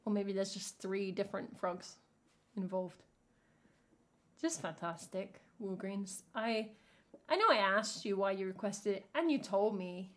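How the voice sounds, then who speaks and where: A woman's voice: medium pitch, measured pace, a bit bright. A woman with an English accent, a singer-songwriter chatting casually with her live stream audience in a dry, self-mocking way. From England. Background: ukulele playing.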